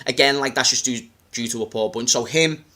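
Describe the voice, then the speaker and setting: A man with a Liverpool accent giving relaxed, opinionated football takes in casual chat. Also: mid-range voice, brisk. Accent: Liverpool (Scouse). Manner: opinionated, rambling, laid-back. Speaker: football podcast co-host.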